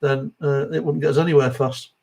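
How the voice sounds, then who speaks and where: Middle-aged bloke with an east midlands accent chatting on a live stream, reads out comments, calls everyone mate, laughs a lot. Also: male voice, on the high side, level tone, a little fast, gravelly, darkish tone. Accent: East Midlands English. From English Midlands. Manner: chatty and matey, chuckling, addresses viewers as mate. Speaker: host of a diecast model livestream. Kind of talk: live stream chat, reading viewer comments.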